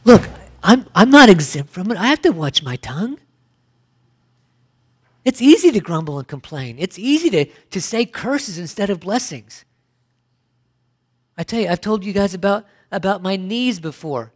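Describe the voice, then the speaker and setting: A man's voice: high-pitched, very animated, normal speed, pauses often. A middle-aged man preaching a sermon, emphatic, firing rhetorical questions and often restarting his sentences. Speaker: pastor.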